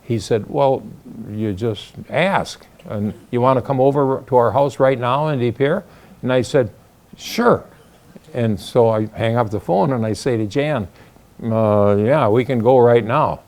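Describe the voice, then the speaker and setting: A man's voice: medium pitch, moderate pace, darkish tone. An older man telling a story in a folksy, casual way, acting out the voices of the people he quotes. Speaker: storyteller recounting the founding.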